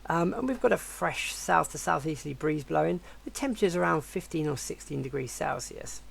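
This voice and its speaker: A man with a croaky voice while recovering from the flu, presenting a weather forecast with many hesitations and restarts. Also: fairly high pitch, expressive, fairly quick. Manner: hesitant, with frequent fillers and restarts.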